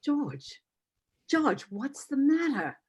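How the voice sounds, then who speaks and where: A woman's voice: high voice, sing-song, slow pace, a little mellow, faint music behind, full character voice. A woman playing a fretful mother of the groom who scolds and worries, over dull video-call audio. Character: fussing middle-aged mother of the groom.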